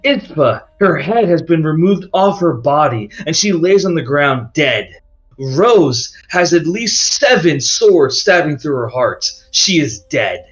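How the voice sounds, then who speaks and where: A man's voice: on the high side, sing-song, takes it slowly. A man narrating a tabletop game as game master, in a casual, rambling way. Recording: dull lo-fi audio with faint music.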